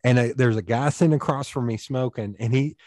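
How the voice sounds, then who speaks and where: Man, warm mellow voice, dry close sound, rambling anecdotes with acted-out dialogue. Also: medium pitch, a little fast, no echo. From East Tennessee, USA. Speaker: podcast guest. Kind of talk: casual storytelling conversation.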